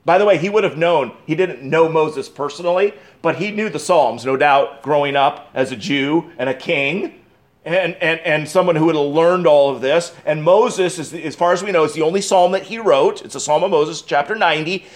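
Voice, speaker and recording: Preaching an expository sermon, this pastor speaks with emphasis, using dramatic pauses and restarting his lines. His voice sits on the high side.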